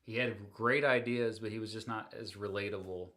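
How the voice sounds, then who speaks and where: A man's voice: lowish voice, steady tone, brisk, a bit bright. A man hosting a casual livestream, chatting through viewer questions with frequent fillers and little laughs. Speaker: livestream host.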